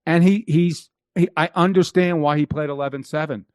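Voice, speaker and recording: A man's voice: a little high, fairly even intonation, normal speed, a little mellow, no room sound, studio quality. A man talking as a guest on a hockey podcast, rattling on with repeated and restarted phrases. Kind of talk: casual podcast chat.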